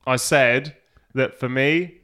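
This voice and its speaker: A man's voice: medium pitch, fairly even intonation, takes it slowly, pushed and bright, clear, resonant tone. A man co-hosting a podcast, telling boastful, joking stories in casual chat. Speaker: podcast co-host.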